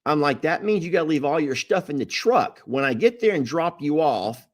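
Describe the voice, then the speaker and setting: Animated man telling a story. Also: fairly high pitch, moderate pace. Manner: animated, apologetic, acts out quotes with laughs. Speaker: host telling a family story to live viewers. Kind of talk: casual storytelling livestream.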